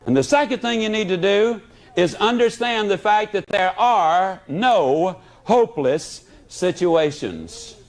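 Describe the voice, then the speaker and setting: A man giving a motivational speech, telling it in a folksy, animated way with humor. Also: high-pitched, slow pace. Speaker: motivational speaker.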